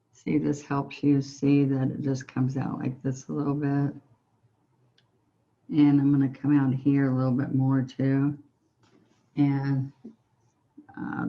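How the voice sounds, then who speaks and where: A woman with a soft Southern US accent leads a relaxed painting tutorial, talking slowly and evenly as she walks through each brushstroke. Her voice is mellow and warm, gentle and encouraging. The recording sounds a little dull and muffled. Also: a bass voice. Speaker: painting instructor.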